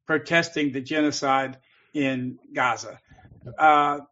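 A man's voice: mid-range voice, fairly even intonation, slow, sharp tone. A man co-hosting a call-in show, talking in an emphatic, heated, repetitive way. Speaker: co-host. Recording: dull lo-fi audio.

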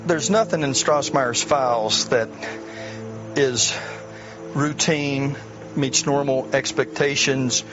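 Measured man in a documentary interview. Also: mid-range voice, lo-fi sound. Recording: documentary clip with music underneath.

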